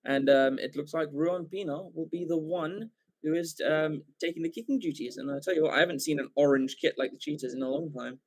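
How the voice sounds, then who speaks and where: English guy doing live rugby play-by-play, gets excited on breaks, lots of ums and restarts. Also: a little high, fairly quick. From England. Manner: excitable, rambling with fillers and self-corrections. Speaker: watchalong commentator.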